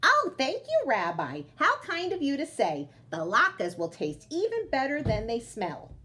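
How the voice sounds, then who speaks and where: A cheerful, chatty old grandmother of ninety-seven who cannot see or hear well fusses over her guest, as a woman reading the storybook puts her on. Her voice sits high and rises and falls with lively swoops. She is busy and eager as a hostess. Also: a little slow, a little hiss or hum, full character voice. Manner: fussing, hospitable, chatty. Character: kindly 97-year-old grandmother, nearsighted, hard of hearing. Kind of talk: storybook read-aloud.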